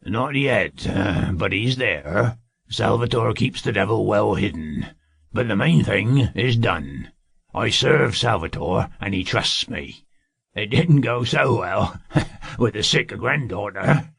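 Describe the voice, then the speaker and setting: Male narrator puts on a sly, greedy plotter for an audiobook; rough, breathy, slow, unhurried. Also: fairly low pitch, animated, fairly bright tone, no room sound, clean studio sound, full character voice. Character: sly scheming male servant, cunning and greedy.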